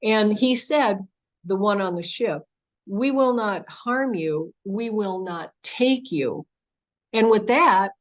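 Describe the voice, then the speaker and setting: An older woman giving a talk about her own experiences, telling the story with animation and acting out the dialogue. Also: medium pitch. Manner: animated storyteller who acts out quoted dialogue. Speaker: guest speaker. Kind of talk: personal account told to an audience. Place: home podcast studio.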